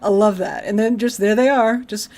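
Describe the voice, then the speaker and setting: A woman's voice: medium pitch, fairly even intonation, moderate pace, mellow. A woman co-hosting a podcast, chatting casually and enthusiastically about a TV episode, swearing freely and laughing often. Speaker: podcast co-host. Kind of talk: casual chat recapping a TV episode.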